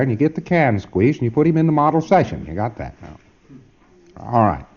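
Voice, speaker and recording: A man lectures in a mellow, darkish voice that rises and falls with lively emphasis. He keeps checking whether his listeners have got it, with a wry edge. The old tape sounds muffled and lo-fi. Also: lowish voice. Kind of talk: informal training lecture.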